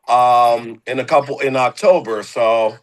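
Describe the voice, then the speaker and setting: Young male guest, casual slangy rambler, mid-pitched. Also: unhurried, low-quality recording. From Philadelphia area. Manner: rambling, slangy, lots of fillers. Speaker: guest musician. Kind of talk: casual interview chat.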